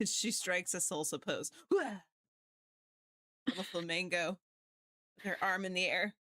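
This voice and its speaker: A woman's voice: fairly low pitch, steady tone, moderate pace, sharp tone. A woman playing a tabletop game, playful and laughing often as she describes her character. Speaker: player.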